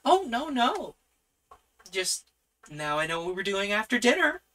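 A tabletop streamer voicing a smug young woman on a blind date, loud and showily overacting. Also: mid-range voice, big pitch swings, a little slow, recorded from a distance, pitched above the performer's own voice. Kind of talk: solo tabletop role-play storytelling.

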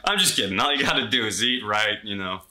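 A man's voice: animated, fast. A young man doing a mock-paranoid comedy rant as a YouTuber. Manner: mock-paranoid, yelling in a frantic high voice. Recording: voice over loud music.

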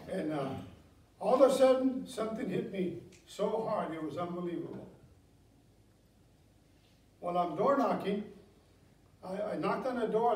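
A middle-aged man preaching in a church, his voice high for a man. He tells homely stories and drives his points home with emphasis. The sound is roomy and echoing, picked up from some distance away from the mic. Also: darkish tone. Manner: folksy storytelling, builds to emphatic exhortation. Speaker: pastor. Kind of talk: sermon. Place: church sanctuary.

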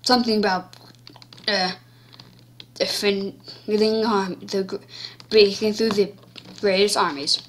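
A woman giving casual, goofy gameplay commentary, cracking jokes and talking playfully in a drawn-out way. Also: medium pitch, fairly even intonation, slight background noise.

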